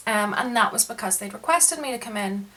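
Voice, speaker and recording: A woman's voice: on the high side, a little fast, poor audio. A woman vlogging a casual, frustrated rant, recounting events and acting out the back-and-forth in her own voice. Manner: frustrated, retelling events with lively quoted dialogue. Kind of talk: casual ranting monologue.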